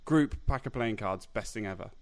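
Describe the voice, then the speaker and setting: A man co-hosting a podcast in casual chat, rambling and often trailing off quietly, with frequent laughs. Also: lowish voice, moderate pace, vocal fry, dry recording. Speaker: podcast co-host.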